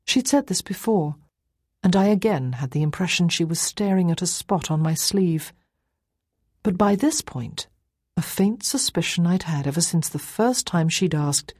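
Woman audiobook narrator, measured first-person storytelling, husky, dry close mic. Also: on the low side, darkish tone, dry recording.

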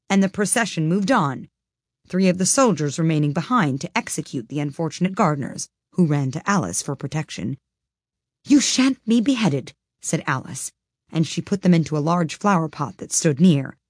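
Low-voiced woman reading a storybook aloud. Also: a little fast, no echo, studio quality. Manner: expressive, lively reading.

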